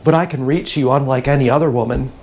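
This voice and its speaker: A man putting on the voice of a pretentious young woman who insists she is deep. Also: steady tone, quick pace, darkish tone, a little hiss or hum, natural voice. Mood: affected. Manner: affected, self-important.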